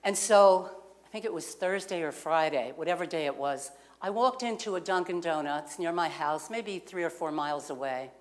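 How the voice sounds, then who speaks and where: In a community center lounge, a woman minister delivers a sermon, telling a personal story conversationally and putting questions to the congregation. Her voice is on the low side, at a moderate pace.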